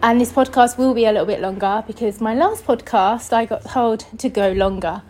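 A woman from England tells a personal story on her podcast in a chatty, casual way. Her voice sits a little on the high side. She acts out the voices of the people in her story as she goes. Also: fairly quick, darkish tone, slight background noise, rough recording. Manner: chatty, acts out quoted voices, laughs often. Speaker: podcast host.

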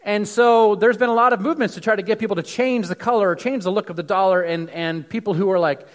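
Casual male preacher from the United States, slightly high voice, chatty and halting, recorded in a reverberant hall. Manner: conversational, many fillers and restarts. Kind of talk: casual sermon.

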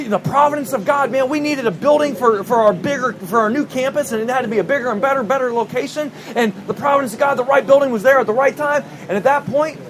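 A man preaching a sermon, telling a personal story with an emphatic, animated delivery. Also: very high voice, a little hiss or hum. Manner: storytelling, emphatic, rising to near-shouting when recounting anger. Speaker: pastor.

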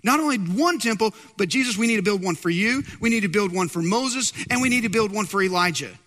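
A preacher acting as an eager, blurting apostle. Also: male voice, high voice, fast talker, in a large hall, pitched above the performer's own voice. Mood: excited. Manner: excited, rambling, can't stop talking. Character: eager talkative male apostle who blurts out ideas.

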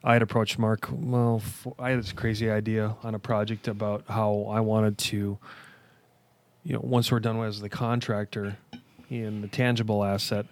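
Low-voiced rambling enthusiastic podcast host. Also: male voice, little pitch movement, moderate pace. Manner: enthusiastic, rambling, with many restarts. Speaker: podcast host, construction contractor. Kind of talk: casual podcast chat.

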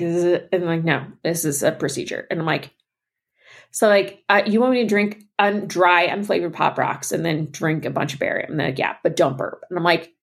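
A woman's voice: lowish voice, creaky. A young woman co-hosting a podcast, telling a story in casual chat and acting out both sides of the conversation. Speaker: podcast co-host.

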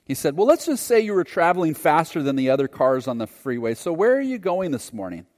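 A man voicing a calm, friendly highway patrol officer who speaks gently and without hurry. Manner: gentle, unhurried, kindly. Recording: long hall reverb.

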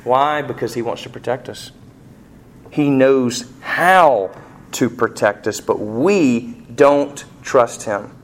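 A middle-aged man preaching a sermon, asking the congregation rhetorical questions and rising sharply in pitch and volume on emphatic points. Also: slow pace. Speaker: pastor.

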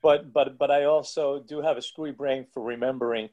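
A man's voice: medium pitch, steady tone, brisk, warm tone, muffled recording. A man who plays the music at powerlifting meets, telling rambling, digressive stories in a casual podcast chat with many restarts.

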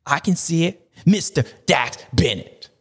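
On the high side and expressive, this man's gravelly voice has a fairly bright tone with a breathy edge, moving at a measured pace. He's the host of a supercross recap show, tossing out playful slang and his recurring catchphrases in animated, casual commentary.

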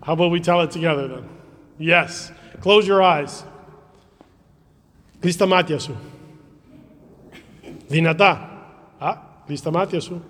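A man preaching a gentle children's sermon in a church, asking the children questions as he retells a gospel story. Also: on the high side, a little slow, long pauses. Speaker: priest. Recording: long church reverb.

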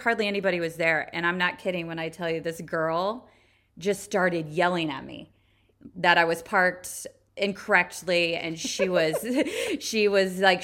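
A woman co-hosting a podcast, telling everyday stories with lots of "like" and animated retelling. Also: on the low side. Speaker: podcast co-host. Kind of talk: casual storytelling chat.

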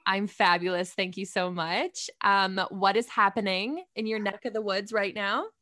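A woman's voice: medium pitch, steady tone, moderate pace, fairly bright tone, no room sound. Bubbly woman podcast host, casual chat, upbeat, curious, dry close mic. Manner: bubbly, upbeat, asks lots of questions.

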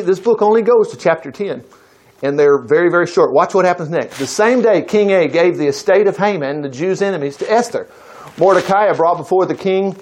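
A man preaching a sermon, retelling a Bible story in a lively, chatty way and acting out the characters' lines. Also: high voice. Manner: animated, acting out voices, chuckling asides.

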